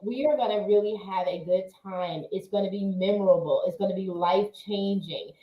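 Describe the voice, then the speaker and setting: A woman's voice: mid-range voice, brisk, echoey room, dull audio. A woman hosting a casual group chat, affectionate and playful, speaking with faith. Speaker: host and life coach.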